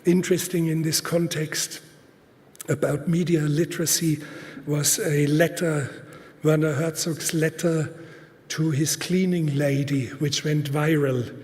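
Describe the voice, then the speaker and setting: A man gives a live conference talk in deliberate, halting speech, with fillers and restarts, stressing points by repeating words. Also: a little high, fairly even intonation, a little mellow. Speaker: conference speaker. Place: large auditorium. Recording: long hall reverb.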